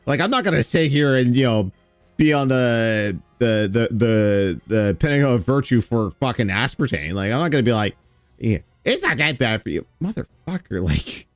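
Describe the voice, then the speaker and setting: Sarcastic, swearing man with a lively voice. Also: medium pitch, normal speed, dry recording, faint music behind. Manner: sarcastic, swearing, laughing, mocking with mimicked quotes. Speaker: streamer reacting to a video. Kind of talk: casual reaction commentary.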